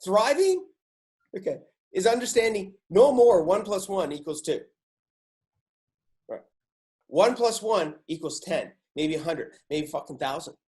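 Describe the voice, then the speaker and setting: A man's voice: sits high, animated, a little slow, pauses often, a little mellow. A man hosting a podcast, talking casually in an emphatic, profane way that hammers his points home. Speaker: podcast host.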